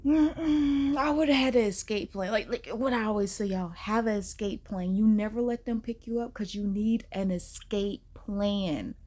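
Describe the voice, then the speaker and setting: A woman in her 30s hosts a reaction video with sassy, emphatic, animated commentary. Her voice is medium-pitched and darkish, at normal speed with few pauses.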